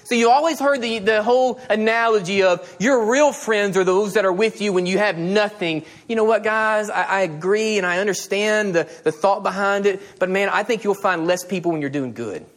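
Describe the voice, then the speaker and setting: A middle-aged man preaching a sermon as a pastor, animated and telling stories with quoted dialogue. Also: high voice, normal speed, hardly any pauses.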